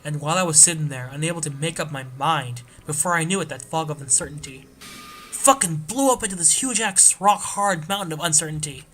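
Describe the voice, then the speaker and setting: A man voicing a tough, hot-tempered young male biker in a game let's play, gruff and swearing. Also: on the high side, brisk, fairly bright tone, a little hiss or hum, lightly acted. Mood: brooding.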